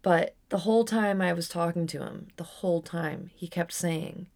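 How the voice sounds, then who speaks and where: A woman's voice: lowish voice, normal speed, a little mellow. A young adult woman telling a personal story on her podcast in a candid, rambling way with frequent restarts. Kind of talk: casual storytelling monologue.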